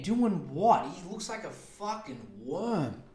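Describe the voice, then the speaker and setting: High-voiced Australian man ranting profanely. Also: expressive, slow pace, hardly any pauses, mellow. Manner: profane, rambling, mock-advice rant. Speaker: podcast host. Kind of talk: comedic rant. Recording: roomy echo.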